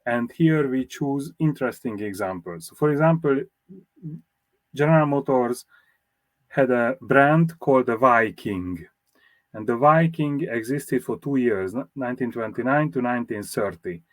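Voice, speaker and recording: Measured man explaining in a dry recording. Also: medium pitch, expressive, dry recording. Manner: measured, explanatory, with fillers and restarts. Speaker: motoring historian and magazine publisher. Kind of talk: interview answers.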